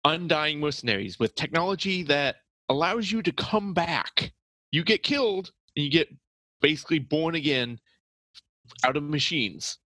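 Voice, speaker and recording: A man's voice: fairly high pitch, expressive, normal speed, pushed and bright, no echo, rough recording. A man chatting casually on a podcast, hesitant with many ums and uhs. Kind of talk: casual chat.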